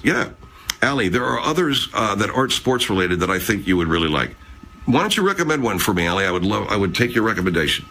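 A man's voice: lowish voice, bright, forceful tone, a little hiss or hum. Rambling, cursing male livestream host. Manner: rambling, profane, chatty. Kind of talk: casual live chat reading viewer comments.

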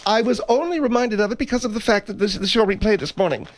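A man co-hosting a comedic radio show, teasing and quick. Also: high voice, slight background noise. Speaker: radio co-host.

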